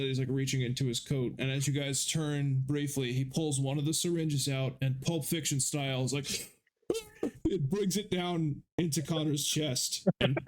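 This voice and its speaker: Male game master, slow unhurried narration, lots of "like" and pauses. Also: fairly high pitch. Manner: halting, full of fillers.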